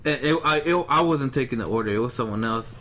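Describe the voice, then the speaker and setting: A man's voice: medium pitch, fast, slight background noise. A young man co-hosting a casual podcast, telling a story from work and acting out the quotes with a raised voice. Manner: animated, acts out quotes with raised voice. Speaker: podcast co-host.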